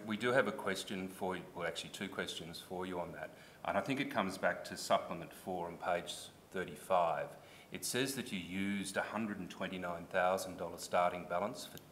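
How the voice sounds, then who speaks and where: A man's voice: low voice, a bit bright, slight background noise. An Australian man giving formal testimony at a public hearing, earnest and explanatory, restarting when pressed.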